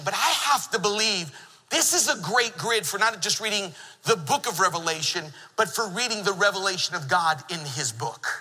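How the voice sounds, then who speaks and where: A middle-aged male pastor delivers a lively sermon, telling stories and teasing his congregation. His voice is high and very bright with a husky edge, and it rings out with the long reverb of a church hall. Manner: animated storytelling preacher, jokes with the congregation. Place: church sanctuary.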